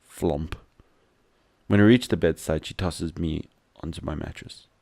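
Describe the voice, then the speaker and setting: A man's voice: rumbling low, a little slow, creaky, a little mellow, no room sound. A man reading a visual novel aloud as a gameplay commentator, adding wry, joking asides.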